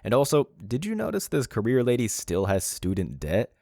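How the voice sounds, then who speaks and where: Man, low voice, gravelly, mocking scripted commentary, dry close sound. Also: huge pitch swings, moderate pace, warm tone, no echo. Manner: mocking, derisive. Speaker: channel commentator.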